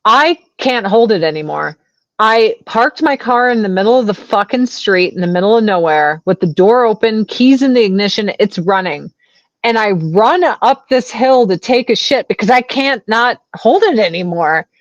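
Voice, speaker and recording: A woman in her forties, animated and crude, telling a story as a guest. Her voice sits in a middle range and comes through a dry, dull, lo-fi call line. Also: medium pitch, moderate pace, no room sound. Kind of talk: casual storytelling chat. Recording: dull lo-fi sound.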